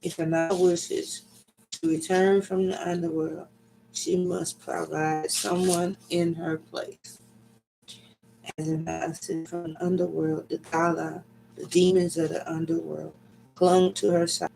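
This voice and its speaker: A man giving a slow, dramatic reading of an ancient myth, with deliberate pacing and sudden loud cries. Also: on the high side, level tone, creaky, soft background music, low-quality recording.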